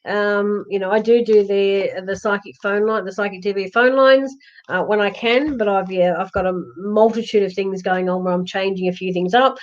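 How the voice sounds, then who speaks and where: A woman's voice: medium pitch, fairly even intonation, normal speed. Reassuring woman psychic, lo-fi stream. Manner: reassuring, rambling with many fillers and restarts. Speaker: psychic medium. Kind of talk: live-streamed psychic readings. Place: home, during a lockdown. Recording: dull lo-fi livestream audio.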